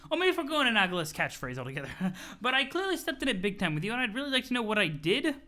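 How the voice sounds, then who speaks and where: A man's voice: sits high, very animated, very fast, sharp tone, full character voice. A man reading the lines of a folksy, clueless young adventurer aloud on a stream, with old-fashioned, polite and oblivious wording. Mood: sheepish.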